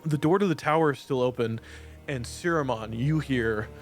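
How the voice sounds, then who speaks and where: A man running a tabletop game as game master, narrating in a relaxed way with frequent fillers. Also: mid-range voice, moderate pace, faint music behind.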